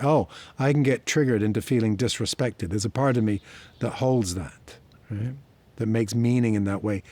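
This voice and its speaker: Man calmly teaching parenting lessons. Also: medium pitch. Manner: reflective, conversational, tells personal stories. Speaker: therapy teacher. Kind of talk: explanatory talk to camera.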